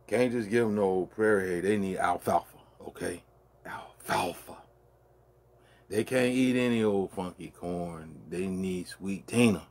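A deep-voiced man with a husky, grainy tone tells a rambling story in an easy, conversational way. He keeps checking in with the listener and circles back on his words as he goes. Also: darkish tone. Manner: loose and conversational, peppered with "man" and "you dig"; drawn-out, trailing delivery with many restarts. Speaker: show host. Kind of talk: casual storytelling monologue.

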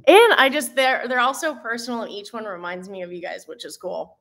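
A woman's voice: a little high, fairly quick, a bit bright. Gushing, teary woman live-streaming. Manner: gushing, exclaims often, laughs between lines. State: teary, emotional. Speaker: fitness live-stream host. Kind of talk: casual live-stream chat.

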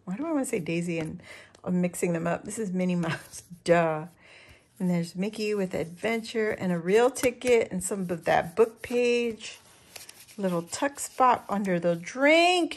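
A woman walks through a craft unboxing in a relaxed, unhurried way. She keeps breaking into excited, gushing exclamations as she shows off each piece. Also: mid-range voice, slight background noise. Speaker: crafting channel host.

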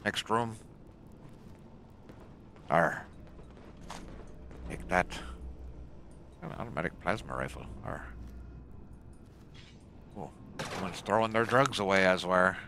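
Deep-voiced grumbling man playing a game. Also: lively intonation, moderate pace, background noise. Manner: grumbling, repeats "I swear", growls "arr". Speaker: gaming channel host. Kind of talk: casual gameplay commentary.

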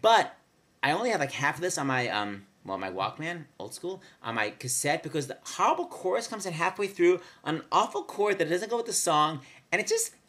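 A man hosting casual music commentary, gushing and excitable about old show tunes. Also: on the high side, brisk, few pauses. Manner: gushing, excitable, sings along. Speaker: host.

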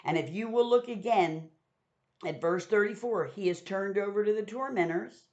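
A woman's voice: mid-range voice, normal speed, a little mellow. A woman giving a conversational Bible teaching, retelling scripture in everyday modern words. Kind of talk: sermon teaching. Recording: dull lo-fi sound.

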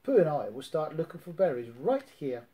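A man's voice: a little high, big pitch swings, normal speed, mellow. A man reading a storybook, voicing a shy little male piglet who stammers. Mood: timid. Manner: stammering, timid. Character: timid small male piglet, gentle and shy.

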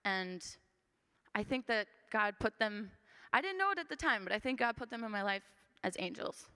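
A woman's voice: medium pitch, very animated, moderate pace, pushed and bright, clean tone. A woman in her twenties gives a personal testimony in a church, talking earnestly and conversationally with plenty of fillers. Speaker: church member giving testimony. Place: church sanctuary. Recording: long church hall reverb.

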